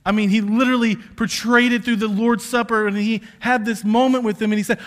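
A man preaching a sermon, passionate and conversational, who swings from yelling out prayers to hushed near-whispers. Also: very high voice, little pitch movement, fairly quick, hardly any pauses. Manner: self-confessed yeller, passionate and conversational. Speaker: pastor.

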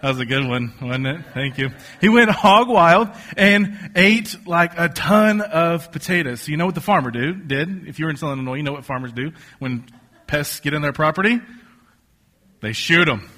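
Bright-voiced joking pastor man. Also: a little high, brisk. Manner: conversational, joking, animated storytelling. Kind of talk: sermon. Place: church stage before a congregation.

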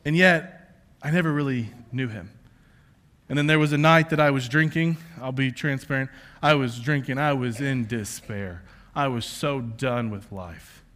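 A man preaching a sermon, passionate and conversational, who swings from yelling out prayers to hushed near-whispers. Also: mid-range voice, normal speed. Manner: self-confessed yeller, passionate and conversational. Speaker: pastor.

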